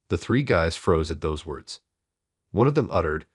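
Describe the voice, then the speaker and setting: Brief: deep, husky man narrating a story, dry close sound. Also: lively intonation, moderate pace, no room sound. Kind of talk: first-person story narration.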